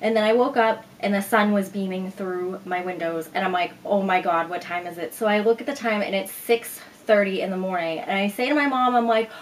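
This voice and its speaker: A woman's voice: mid-range voice, brisk, few pauses, a little hiss or hum, rough recording. A young woman vlogger casually telling a long personal story, acting out what people said. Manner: chatty, animated retelling with acted-out quotes. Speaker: beauty vlogger.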